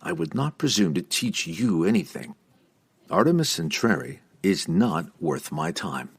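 A proud male dark elf swordsman speaks with smug, unhurried calm, voiced by a man narrating the book. His voice is deep and slightly husky, steady and controlled. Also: heavily acted.

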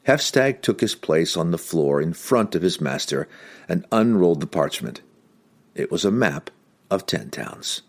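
A man narrates a fantasy novel in a dramatic, expressive audiobook reading. His voice is low and deep. His inflection swings widely to carry the story.

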